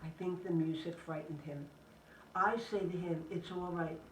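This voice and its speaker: A woman, a Catholic sister, giving an inspirational talk to a live audience in gentle, measured phrases. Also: fairly low pitch, fairly even intonation, a little hiss or hum. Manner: gentle, measured delivery in short list-like phrases. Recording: echoey room, speaker distant from the mic.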